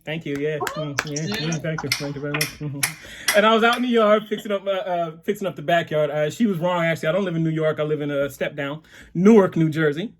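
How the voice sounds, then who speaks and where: A male comedian with a high voice runs through a stand-up set from home. He is animated and chuckles at his own punchlines. The sound comes through a video call. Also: fairly quick, slight background noise.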